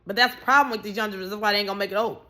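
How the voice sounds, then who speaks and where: A woman giving casual, ranting commentary, blunt and animated, swearing freely and raising her voice in bursts. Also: mid-range voice, racing. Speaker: vlogger.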